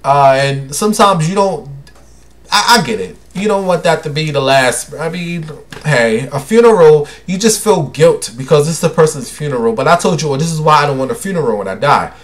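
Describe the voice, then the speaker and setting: A man's voice: a little high, animated, moderate pace. Chatty man hosting a solo show. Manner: chatty and dramatic, calls listeners honey and baby. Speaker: host. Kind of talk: casual solo chat.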